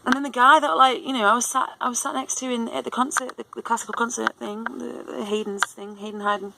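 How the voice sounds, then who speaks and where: A woman's voice: a little high, steady tone, a little fast, vocal fry, noisy background. A woman in her thirties telling a long story in a rambling, casual way, full of fillers and restarts. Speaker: vlogger.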